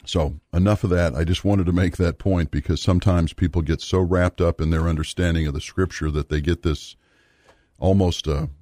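A man teaching a Bible study series in an earnest, measured way, pausing with fillers and repeating words for emphasis. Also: low-pitched, steady tone, dark tone, no echo, clean studio sound.

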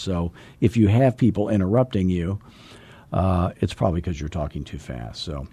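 A man's voice: low-pitched, dark tone, breathy edge, no echo. A middle-aged man hosting a podcast, coaching in a casual, joking, folksy way. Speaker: podcast host and real estate coach.

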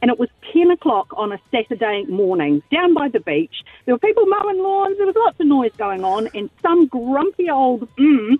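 A New Zealand woman rings in and talks in an animated way, her pitch leaping around. The sound is dull and dry, like a phone call. Faint music plays below. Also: normal speed, few pauses, breathy edge, no room sound. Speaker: caller. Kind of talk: casual phone chat.

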